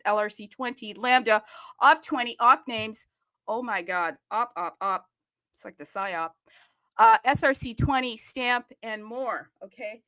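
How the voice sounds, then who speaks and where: A woman's voice: mid-range voice, fairly bright tone, no echo, studio quality. A woman hosting a live online audio room in a sassy, playful, bubbly way, hyping up the show.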